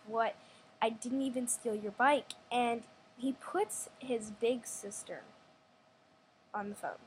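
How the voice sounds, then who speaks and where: A woman's voice: fairly high pitch, steady tone, takes it slowly, slight background noise, poor audio. A young woman telling a rambling story at home, with many restarts and acted-out quotes. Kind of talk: casual storytime vlog.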